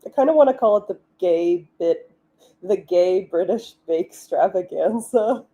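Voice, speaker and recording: Mellow-voiced chatty woman streamer. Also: fairly low pitch, lively intonation, unhurried, husky. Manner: chatty, giggly, many "like" fillers. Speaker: livestream host, author. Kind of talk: casual live-stream chat.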